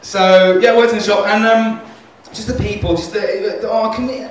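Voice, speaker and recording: A man works through a stand-up set in a club, rambling and self-deprecating, with plenty of swearing. His voice sits a little higher than most men's. He was recorded from far off in a very echoey room, with faint room noise behind him. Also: little pitch movement, normal speed. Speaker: stand-up comedian. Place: comedy club stage.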